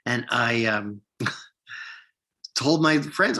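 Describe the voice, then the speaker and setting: A man in his sixties from upstate New York, an actor telling lively stories from his career in a casual interview, acting out the lines of people he quotes. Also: mid-range voice, a little fast, slightly rough. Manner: animated storyteller, acts out quoted lines, many restarts. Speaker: actor guest.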